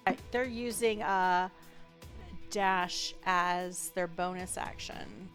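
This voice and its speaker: A woman narrating as game master of a tabletop game, relaxed and chatty, with lots of fillers and laughs. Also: lowish voice, slow, soft background music.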